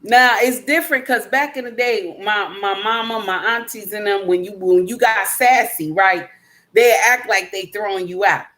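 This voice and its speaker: A woman of medium pitch and a bit of brightness talks at a moderate pace as she hosts an informal livestream. Reading comments from the chat, she lectures emphatically, goes over her points again, and uses baby and my dear for her listeners.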